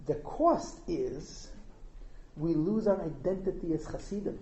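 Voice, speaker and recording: At an informal Hasidic gathering, a man teaches as an animated storyteller, firing off rhetorical questions and chuckling at his own asides. His voice is a little high and measured in pace, and the room is echoey.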